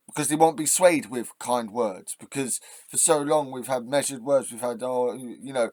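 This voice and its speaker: A man's voice: medium pitch, no room sound. A fiery, profane man ranting on camera. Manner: swearing, impassioned, swings between quiet and loud; halting restarts when thinking aloud. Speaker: channel host. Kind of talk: ranting vlog monologue.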